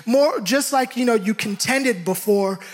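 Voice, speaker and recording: A young man from the Bay Area preaching a sermon, telling a lively personal story with shouts and laughter. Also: very high voice, measured pace. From San Francisco Bay Area.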